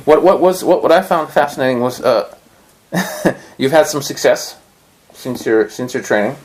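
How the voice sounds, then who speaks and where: Guy hosting a podcast, swearing a lot, telling a story all animated, pitch jumping around. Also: normal speed, a little hiss or hum. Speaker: podcast host. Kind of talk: casual storytelling chat.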